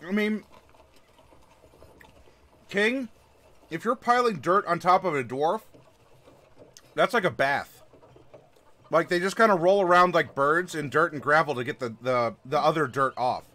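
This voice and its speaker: A man's voice: on the high side, a little slow, long pauses, bright, forceful tone. A man hosting a casual read-along review of a rulebook, rambling with plenty of fillers and a sarcastic edge. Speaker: host reviewing a game rulebook.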